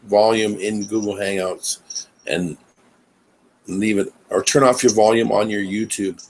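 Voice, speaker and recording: A man's voice: fairly low pitch, steady tone, measured pace, a little hiss or hum, poor audio. A man hosting a casual live chat on a video call, questioning and pushing back on his guest. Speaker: host.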